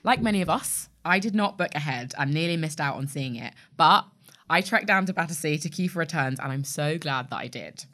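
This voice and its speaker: A woman's voice: low voice, expressive, brisk. Effusive woman hosting a podcast. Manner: effusive and warm-hearted, emotional. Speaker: podcast host. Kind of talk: conversational podcast interview.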